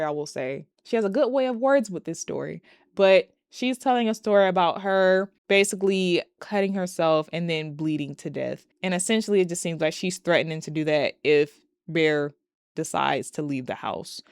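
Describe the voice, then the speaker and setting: A woman's voice: fairly low pitch, normal speed, clean tone, no room sound, clean studio sound. Chatty, profane woman recapping a movie. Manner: chatty, profane, animated, exasperated asides. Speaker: movie reviewer.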